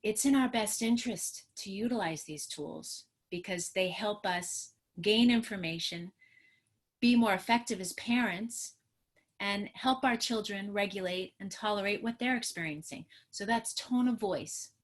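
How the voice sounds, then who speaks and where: Brief: middle-aged woman from New York, trauma therapist explaining parenting tools on a video call, earnest and warm-paced. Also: mid-range voice, a little slow. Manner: earnest, teaching, talks with her hands. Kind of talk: educational webinar talk.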